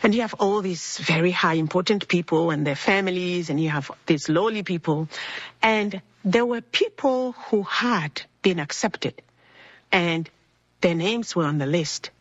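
A woman with a husky, slightly low voice shares an earnest personal testimony, now and then acting out the people she met. The sound is dry and close, though a little dull and muffled. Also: a little slow, dry recording. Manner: earnest, acts out quoted people in her story. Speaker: speaker sharing a personal faith testimony. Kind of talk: personal storytelling.

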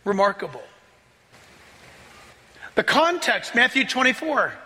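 A man preaching a sermon as a pastor, excitable, often laughing and rising to shouts as he reads scripture. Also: very high-pitched, measured pace, big-room sound.

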